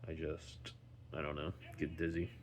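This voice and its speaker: A man talking casually in a daily vlog, rambling slowly with many ums and restarts while recovering at home and sounding tired. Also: a bass voice, flat delivery. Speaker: vlogger.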